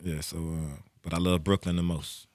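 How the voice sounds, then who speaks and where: A man's voice: moderate pace, no room sound, clean studio sound. A man, a music executive, telling stories in a casual radio interview and acting out the voices of the people in them. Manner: animated storyteller, acts out quotes in high voices. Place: radio studio. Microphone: studio microphone.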